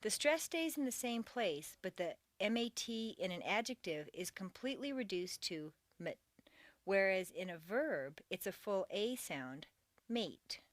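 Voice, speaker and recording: A woman reading a scripted pronunciation lesson, slowly drilling word pairs and carefully contrasting their stress. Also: mid-range voice, sing-song, dry recording. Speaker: pronunciation teacher.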